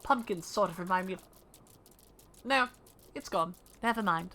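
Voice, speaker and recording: Woman game streamer, mid pitch, bright, bubbly, talks straight to her chat. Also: normal speed, a little hiss or hum. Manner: chatty and excitable, talking to her viewers. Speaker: livestreamer. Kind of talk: casual live-stream chat while gaming.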